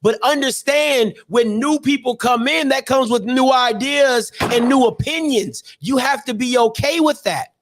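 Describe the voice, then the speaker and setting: A man hosting an online call-in show, talking in an animated, preachy and joking way full of slang. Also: extremely high pitch, unhurried, hardly any pauses, slight background noise. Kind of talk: energetic call-in show monologue.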